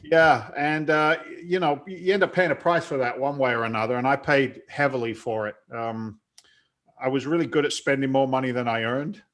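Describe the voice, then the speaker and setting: A man in his forties from London, England, a real estate investor, speaks as a guest in an interview, casual and blunt and laughing often. His accent mixes London English with Boston. His medium-pitched voice is a bit bright, with fairly even intonation and a moderate pace.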